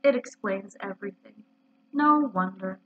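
A woman voicing a gloomy old male donkey in a storybook reading, speaking slowly and sadly, on a muffled lo-fi recording. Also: medium pitch, voice pushed down, close to an everyday voice. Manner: slow, sad, mournful.

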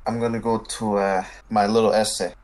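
A man voicing a goofy male adventurer in a put-on Spanish accent, halting and full of fillers during a tabletop game. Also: fairly low pitch, little pitch movement, a little mellow, close to an everyday voice. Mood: hesitant. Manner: halting, filler-heavy speech. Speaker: player. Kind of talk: playing a tabletop game over voice chat.

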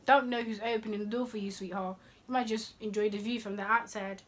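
A woman's voice: mid-range voice, fairly even intonation, a little fast. A young woman, giving sassy, scolding dating advice in a casual vlog. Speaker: vlogger.

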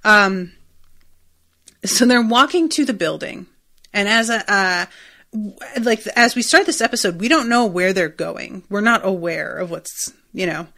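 A woman's voice: mid-range voice, a little slow, bright, forceful tone. A woman hosting a podcast, recapping a TV episode in a rambling, chatty way and swearing freely. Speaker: podcast host.

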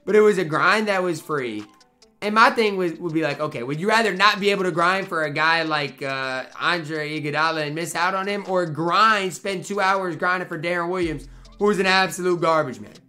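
A man's voice: high voice, a little fast, sharp tone, faint music behind. A young man commentating his own basketball video game match, ranting in frustration and talking to himself between plays. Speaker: gaming YouTuber. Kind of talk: live gameplay commentary.

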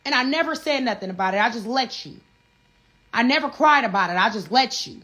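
Woman in a livestream rant; slightly high voice, blunt, profane, repetitive. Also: lively intonation, a little fast, fairly bright tone. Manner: profane, blunt, repeats herself. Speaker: reality show cast member livestreaming.

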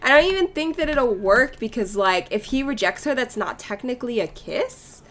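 A young woman chatting and giggling through casual game commentary, reacting loudly to what happens on screen. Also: fairly high pitch, animated, moderate pace. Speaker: let's play gamer.

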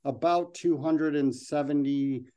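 Guy presenting slides then doing q&a, mellow warm voice, lots of ums. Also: a little high, steady tone, a little slow. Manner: loose, restarting, with many ums.

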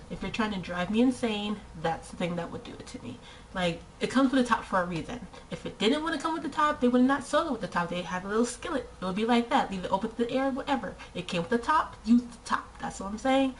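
A young adult woman chatting casually to camera as a vlogger, exasperated and animated, with lots of rhetorical questions and frequent "like" fillers. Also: medium pitch, normal speed, a little hiss or hum, rough recording.

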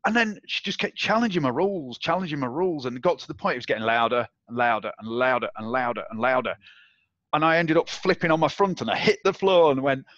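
A man being interviewed, telling a personal story in a casual, animated way and acting out the voices of others. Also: medium pitch, fast, no room sound. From England. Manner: animated, acts out quoted voices, swears and laughs. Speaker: interview guest. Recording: dull, dry audio.

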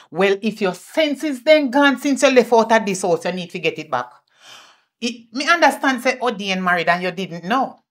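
A woman playing a scolding Jamaican mother. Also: on the high side. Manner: scolding, swings between shouting and muttering. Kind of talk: indie film acting.

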